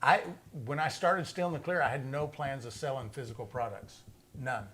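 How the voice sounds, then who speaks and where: A man's voice: mid-range voice, expressive, moderate pace, fairly bright tone. Laid-back male host for a casual livestream, reads out viewer comments. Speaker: show host.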